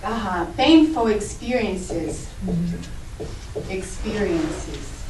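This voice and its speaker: A woman's voice: mid-range voice, animated, very slow, darkish tone, a little hiss or hum. A middle-aged woman giving an informal talk to a group, conversational and explaining through acted examples. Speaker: speaker at a spiritist group. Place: meeting room. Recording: roomy echo, distant mic.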